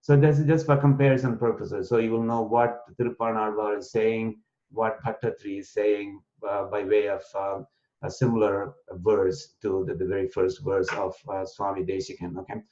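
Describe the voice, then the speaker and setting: A man's voice: lowish voice, fairly even intonation, normal speed, warm tone. A man teaching an online class, explaining verses step by step with fillers and restarts, sometimes chanting lines. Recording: dull lo-fi online class audio.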